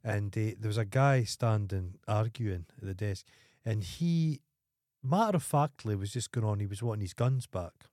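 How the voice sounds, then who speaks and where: A man's voice: lowish voice, normal speed, few pauses, a little mellow, no room sound, studio quality. A Scottish man co-hosting a podcast, chatting in a laid-back way and swearing freely. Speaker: podcast co-host. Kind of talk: casual chat.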